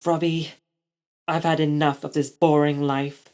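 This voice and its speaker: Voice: medium pitch, level tone, unhurried, darkish tone, lightly acted. A storyteller voicing a scheming young girl who turns villain, with breathless, menacing threats. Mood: cold.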